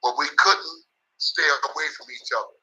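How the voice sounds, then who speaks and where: A man's voice: fairly high pitch, moderate pace, sharp tone, low-quality recording. An older man, a boxing trainer, telling stories in an interview in an emphatic, profane, repetitive way. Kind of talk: storytelling interview.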